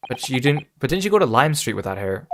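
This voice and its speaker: A man's voice: medium pitch, big pitch swings, fast. A man voicing a polite, hesitant young law student who gets flustered easily, with game music playing behind him.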